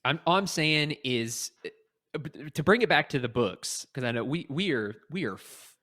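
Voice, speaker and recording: A slightly high voice at normal speed belongs to a North Carolina man in his late twenties co-hosting a podcast. He's chatting casually, yet he gets excitable and rants, his voice spiking as he heats up.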